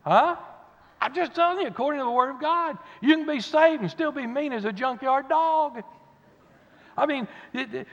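A man preaching a fiery revival sermon in a folksy way, dropping to low murmurs and rising to loud cries. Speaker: pastor. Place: church sanctuary. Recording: dull recording in a big reverberant church.

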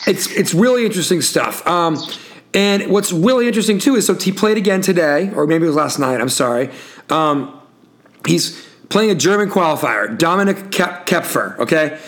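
A man's voice: fairly high pitch, slight background noise. A man hosting a sports talk show, telling the story in a wry, playful way and tossing to his co-host. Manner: storytelling, wry, full of wrestling references. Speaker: podcast host. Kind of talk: casual sports chat.

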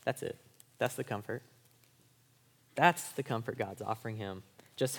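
A man's voice: lowish voice, measured pace, gravelly. A man preaching a sermon as a pastor. He talks to college students in a casual, conversational way and often checks in with "right?". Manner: speaks to college students in everyday language.

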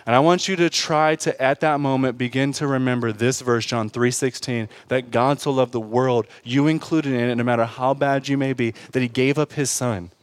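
A man preaching a sermon in a casual, conversational way, growing loud and lively as he gets stirred. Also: moderate pace, hardly any pauses, no echo. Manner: animated, rising loud and high when stirred, laughing at his own stories. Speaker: pastor.

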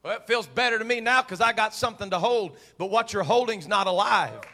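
A male preacher delivering an impassioned sermon, repeating phrases for emphasis and building from soft talk to shouting. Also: sits high, a little fast, big-room sound.

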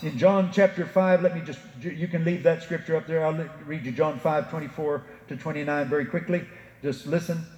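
A male pastor preaches with emphasis, his fairly high voice lifting as he voices the quotations and sinking low when he speaks straight to his listeners. The sound rings through a roomy church hall with a long reverb trailing each phrase. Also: fairly even intonation, moderate pace, darkish tone, lo-fi sound. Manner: emphatic preaching, rising for quotes, dropping low to address listeners. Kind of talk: sermon.

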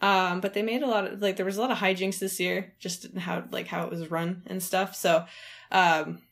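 Creaky-voiced woman chatting casually. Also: fairly low pitch, moderate pace. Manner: relaxed, hesitant, many ums. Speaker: podcast co-host. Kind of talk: casual chat.

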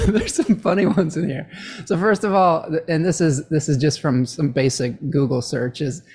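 A woman's voice: low-pitched, steady tone, normal speed, a little mellow, breathy edge. A middle-aged woman co-hosting a casual astrology chat, rambling and chatty and laughing often. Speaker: podcast co-host.

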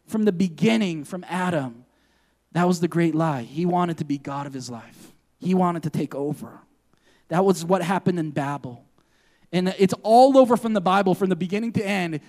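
Animated high-voiced male preacher. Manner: animated, emphatic preaching with sudden shifts between loud and soft. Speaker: pastor. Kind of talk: sermon.

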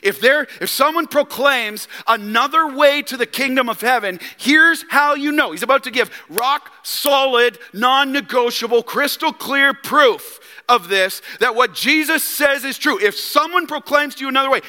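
A man's voice: very high voice, moderate pace, hardly any pauses, bright, forceful tone, long reverb tail. A man preaching a sermon as a pastor, emphatic and full of rhetorical questions, acting out quoted lines. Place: church sanctuary.

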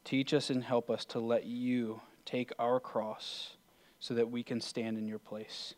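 A man's voice: mid-range voice, flat delivery, measured pace. A man, a pastor, closing his sermon and leading an earnest prayer.

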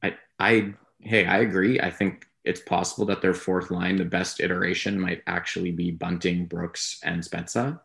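A man with a very deep, gravelly voice talks casually on a podcast. He hedges and rambles through his points in a flat, even tone. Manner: rambling, measured, hedging. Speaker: podcast co-host. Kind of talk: casual sports talk.

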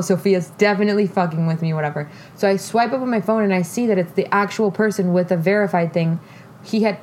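A young woman co-hosting a casual podcast, telling a story in an animated way, with frequent swearing and laughter. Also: mid-range voice, slight background noise. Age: young adult. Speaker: podcast co-host.

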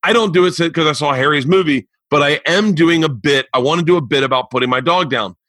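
A man in his forties hosting a podcast, telling stories in an animated, rambling, profane way. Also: a little high, fast talker, dry recording. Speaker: podcast host. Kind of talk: casual chat.

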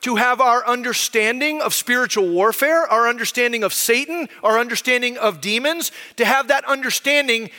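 A man's voice: extremely high pitch, normal speed, few pauses, bright, forceful tone, long reverb tail. A man preaching a sermon as pastor, conversational and explaining with frequent rhetorical questions.

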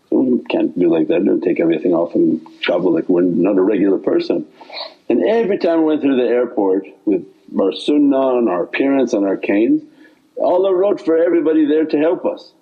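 Man, religious teacher, husky voice, rambling sermon, dull lo-fi sound. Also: mid-range voice, very animated, brisk. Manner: meandering, repeats himself, loose phrasing. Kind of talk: informal sermon with questions.

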